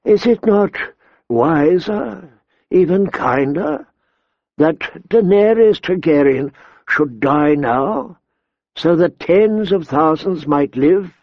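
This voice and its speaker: A man doing a slow quavering old scholar. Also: a little high, expressive, no echo, highs cut off, voice pushed up, heavily acted. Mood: weary. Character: frail elderly male grand maester, weary and ponderous. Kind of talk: audiobook character voice.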